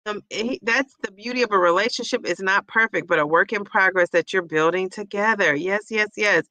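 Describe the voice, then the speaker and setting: A woman's voice: medium pitch, a little fast, pushed and bright. A woman hosting a casual livestream, chatting and reading viewer comments aloud, often repeating them back with a laugh.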